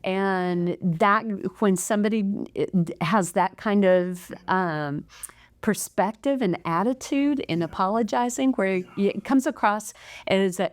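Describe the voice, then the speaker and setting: A woman's voice: medium pitch, takes it slowly. Earnest middle-aged woman co-host. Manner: earnest, emphatic, often checks in with "right?". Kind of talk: casual conversational podcast.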